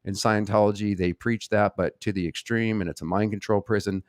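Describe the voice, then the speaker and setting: A man's voice: fairly low pitch, steady tone, brisk, no echo, clean studio sound. A man hosting a live question-and-answer stream, talking in a blunt, rambling and profane way. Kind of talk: casual live Q&A chat.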